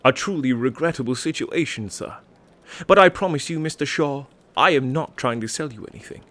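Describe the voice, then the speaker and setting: A man playing a polite, smooth-talking English phone scammer in a comedy sketch, formal and unflappable, with an English accent. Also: mid-range voice, a little fast, fairly bright tone, natural voice. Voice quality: velvet smooth, courteous.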